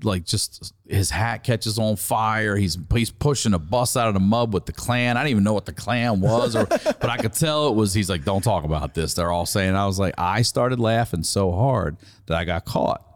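Deep-voiced man telling a story. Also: moderate pace, few pauses. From Maryland. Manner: profane, animated storyteller. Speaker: comedian guest. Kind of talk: casual storytelling.

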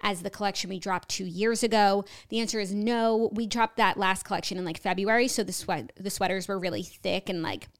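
A woman hosts a casual book club podcast, chatting brightly with plenty of fillers. Her voice is smooth and resonant, and her pitch sits in the middle of the range. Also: steady tone, a little fast, hardly any pauses. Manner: chatty, upbeat, lots of fillers. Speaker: podcast host.

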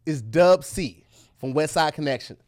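Animated high-voiced man joking around. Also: moderate pace. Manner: animated, joking, swears freely. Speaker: podcast co-host. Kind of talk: casual chat.

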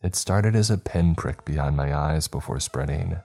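A man narrating a horror story in a steady, measured storytelling voice. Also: extremely low pitch, gravelly.

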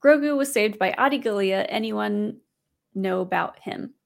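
A woman's voice: medium pitch, moderate pace, gravelly. A woman co-hosting a live stream, chatting casually and thinking aloud with light laughs. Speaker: podcast co-host.

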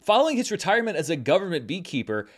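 A man delivering a scripted film review in an animated, wry and incredulous manner. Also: high voice, rapid-fire, slight background noise. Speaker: film critic.

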